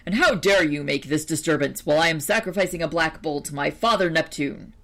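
A hard-hearted storybook king with a low, gravelly voice, as a woman reads him out. He speaks sternly and with cold courtesy, in slow, measured words. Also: full character voice. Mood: angry. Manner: stern, then falsely soft. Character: proud hard-hearted older male king.

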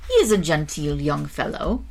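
A woman reading aloud and voicing a scheming, teasing schoolteacher who coaxes a pupil, pitched a little above her own voice. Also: wildly swooping pitch, normal speed, gravelly, a little mellow, exaggerated voice. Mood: coaxing.

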